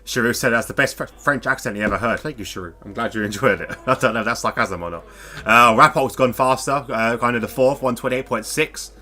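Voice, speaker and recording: Brit guy doing live sim race commentary, bright sharp voice, laughs a lot. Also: medium pitch, a little fast, few pauses. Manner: chatty, laughs often, excitable.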